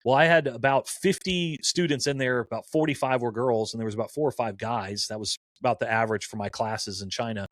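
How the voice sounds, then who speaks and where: A man in his forties, a campus minister, tells stories in casual conversation with a medium-pitched, brisk voice and hardly any pauses. He's an animated storyteller who acts out the quoted dialogue, and there's no room sound.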